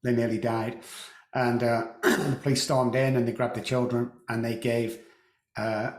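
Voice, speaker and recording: Halting man with a roomy echo. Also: medium pitch, flat delivery. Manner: halting, repeats words, clears throat often. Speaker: guest. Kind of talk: emotional personal storytelling.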